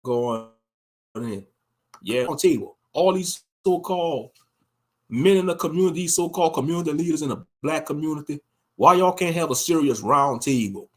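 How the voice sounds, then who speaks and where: A man with a somewhat high voice preaches through his commentary. He scolds and mocks, leaning hard into each point. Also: moderate pace. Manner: impassioned, scolding and mocking. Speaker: online commentator.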